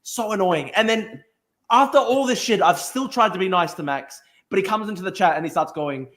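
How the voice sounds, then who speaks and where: A young Australian man hosting a podcast, telling a story in casual chat with lots of restarts and swearing. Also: high voice. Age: young adult. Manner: rapid, animated, with frequent restarts and swearing. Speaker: podcast host.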